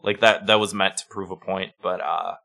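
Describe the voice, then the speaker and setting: A man's voice: low voice, steady tone, moderate pace, vocal fry, pushed and bright. A man co-hosting a podcast, telling stories animatedly and swearing freely in casual chat. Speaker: podcast co-host.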